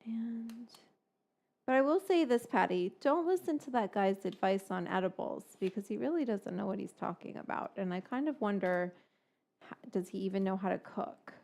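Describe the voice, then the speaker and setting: A woman hosting a live cooking stream, rambling in casual chat, swearing now and then and muttering quiet asides. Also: medium pitch, animated, normal speed, vocal fry. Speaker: cooking show host.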